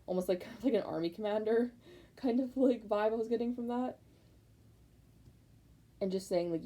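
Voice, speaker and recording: A woman's voice: medium pitch, moderate pace, low-quality recording. A young woman doing a casual tarot reading, rambling and repeating herself with emphatic, fired-up encouragement. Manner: rambling, repetitive, emphatic, many likes; excited, fired up. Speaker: tarot reader.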